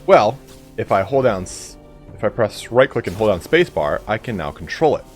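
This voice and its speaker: Lively, low-voiced man streaming a game. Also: normal speed, faint music behind. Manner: chatty, addresses chat and explains game mechanics. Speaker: livestreamer. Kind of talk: casual gameplay commentary.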